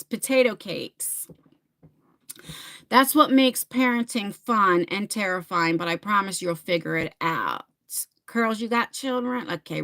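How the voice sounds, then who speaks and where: A middle-aged woman with a New Jersey accent hosts a loose, rambling livestream chat. Her pitch swings widely as she jumps between thoughts and viewer comments. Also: pushed and bright. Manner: rambling, chatty, reads comments aloud. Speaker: livestream host.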